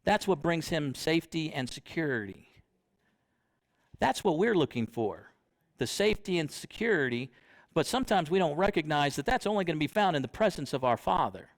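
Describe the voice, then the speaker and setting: A man's voice: fairly high pitch, animated, normal speed. A young man preaching a sermon in church, conversational, often asking the congregation questions.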